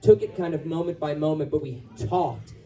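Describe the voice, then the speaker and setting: A voice actor on a convention panel who talks casually and rambles a bit. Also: male voice, a little high, normal speed, dark tone. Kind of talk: panel talk. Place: convention hall. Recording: from far off in a hall.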